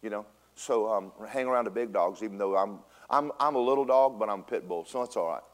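A man, a pastor preaching a storytelling sermon in church, swinging from loud bursts to a hushed voice. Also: on the low side, fairly quick. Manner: animated storytelling with big swings in loudness, drops to a hush. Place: church sanctuary.

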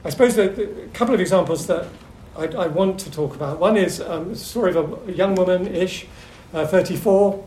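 A middle-aged man tells stories to a seminar audience, lively yet halting, with frequent ums and restarts. His voice sits a little high for a man. The room is echoey, with a faint hum behind him. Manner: hesitant, with many ums and restarts; lively storyteller. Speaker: seminar speaker. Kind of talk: anecdotal talk to a seminar audience.

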